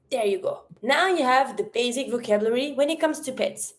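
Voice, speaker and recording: A woman's voice: fairly high pitch, fairly quick, hardly any pauses. A woman teaching a French lesson in English, a French speaker whose English phrasing is slightly off, drilling vocabulary word by word. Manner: clear drilled pronunciation, repeats words in pairs. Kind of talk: online language lesson.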